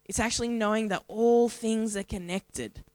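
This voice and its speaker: An Australian woman speaking at a church in a sermon style, building long rhythmic lists with measured pauses. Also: a little high, a little mellow, no room sound. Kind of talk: sermon-style spoken reflection.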